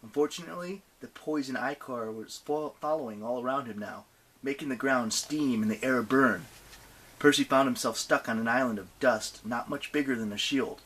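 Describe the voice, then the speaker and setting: A male audiobook narrator reads a novel aloud with animated, expressive delivery, in a husky, mid-range voice at normal speed.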